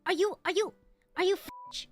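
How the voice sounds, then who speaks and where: A woman's voice: very high-pitched, fairly even intonation, normal speed, faint music behind. A young American woman streaming casually, playfully thanking donors and shrieking back at her chat. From United States. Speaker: VTuber streamer. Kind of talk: casual livestream chat, reading donations.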